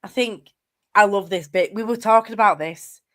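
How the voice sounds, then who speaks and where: A woman co-hosting a casual livestream book chat, speaking hesitantly with halting starts. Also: mid-range voice, a bit bright. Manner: hesitant, halting, laughs easily. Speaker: book podcast co-host.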